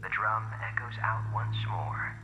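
A man's voice: on the low side, measured pace, highs cut off, background noise, close to an everyday voice. A man voicing an obsessive, cryptic music director who recites grandly in a game audio log. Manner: grandiose, reciting, partly whispered.

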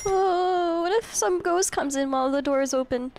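A high-pitched young woman streaming a horror game live, chatting loosely with her viewers. She swears casually and keeps the talk loose and unscripted. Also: moderate pace, a little mellow, slight background noise. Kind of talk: live gameplay commentary.

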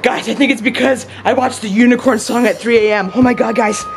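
A woman's voice: fairly high pitch, fairly even intonation, brisk, gravelly, music in the background. A woman YouTuber hosting a comedic horror-challenge vlog, shrieking and laughing in exaggerated mock terror. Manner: mock-terrified, melodramatic, yelling and cackling.

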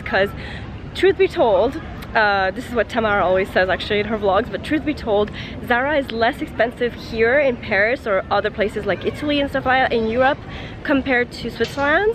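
A young woman with a slightly high voice vlogs casually to a handheld camera against a noisy background. She's chatty and full of fillers while sick with a heavy cold.

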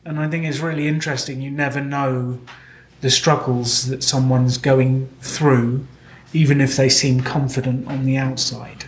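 A man's voice: medium pitch, little pitch movement, normal speed. A man with a British accent telling candid, self-deprecating stories as a guest speaker at a live Q&A. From Britain. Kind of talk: live Q&A storytelling. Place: event hall with audience. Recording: echoey live venue.

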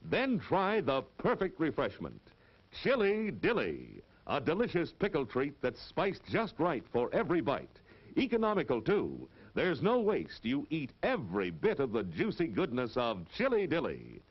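A man's voice: on the high side, huge pitch swings, moderate pace, husky. A man announcing an upbeat 1950s snack commercial in a selling voice. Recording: dull lo-fi old film soundtrack.

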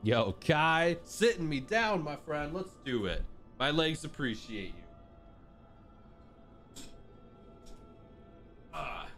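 Lively, upbeat male streamer. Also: a little high, slow pace, pauses often, faint music behind. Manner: upbeat and chatty, greets viewers with "yo". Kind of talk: live gameplay stream, chatting with viewers.

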